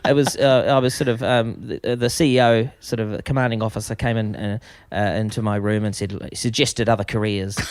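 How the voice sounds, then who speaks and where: A middle-aged man with a New Zealand accent, a podcast guest telling a comic story in an animated, self-mocking way. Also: fairly low pitch, a little fast, hardly any pauses, no echo. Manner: animated, self-mocking, frequent laughs and restarts.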